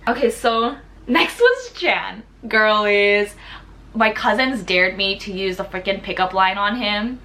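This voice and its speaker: A young woman vlogger telling a chatty, excitable story in casual storytime style, with lots of "like" fillers. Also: mid-range voice, measured pace.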